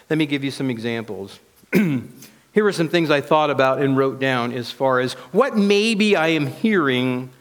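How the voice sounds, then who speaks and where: A pastor in a church preaching with earnest emphasis, his voice on the higher side. A long reverb rings behind his words. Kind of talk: sermon.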